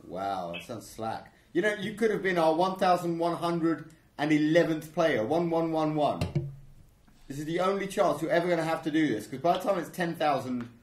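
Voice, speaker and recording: A man's voice: a little high, expressive, normal speed. A man hosting a live stream show, joking, rambling and teasing his guests. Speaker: show host. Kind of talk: casual live-stream chat. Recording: echoey room.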